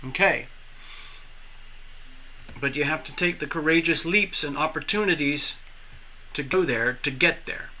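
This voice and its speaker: Bright-voiced man reading tarot. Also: on the high side, unhurried, long pauses, slight background noise. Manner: rambling, spiritual, repetitive. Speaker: tarot reader.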